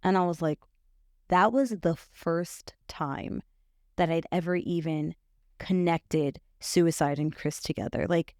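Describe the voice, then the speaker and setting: Low gravelly woman, halting testimony. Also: darkish tone, dry recording, clean studio sound. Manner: halting, full of fillers and restarts. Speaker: podcast guest. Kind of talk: personal testimony in conversation.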